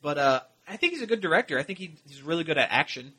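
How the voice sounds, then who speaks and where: A man's voice: a little high, sing-song, very fast, sharp tone, slightly rough. A man co-hosting a casual radio show, rambling with lots of fillers and restarts.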